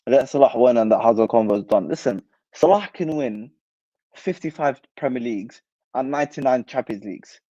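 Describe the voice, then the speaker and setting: A young man riffs on football and answers live chat, animated and full of slang. His voice is dark and mellow, recorded close and dry through a somewhat dull mic. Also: medium pitch, brisk, no echo. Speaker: football channel host. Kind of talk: casual livestream chat.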